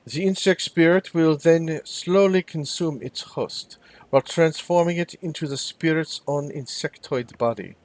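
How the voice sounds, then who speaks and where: A man voicing a grave male envoy in a video game with a German accent, speaking very slowly and savoring each word. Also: fairly high pitch, pitched above the performer's own voice.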